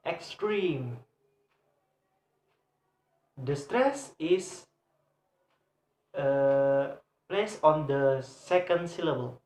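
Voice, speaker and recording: A young man with an Indonesian accent teaches English word stress at a very slow, halting pace. He pauses often, fills gaps with "uh", and says each example word several times. The recording has a roomy echo. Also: mid-range voice, darkish tone. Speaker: student presenter. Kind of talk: English pronunciation lesson. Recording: echoey room.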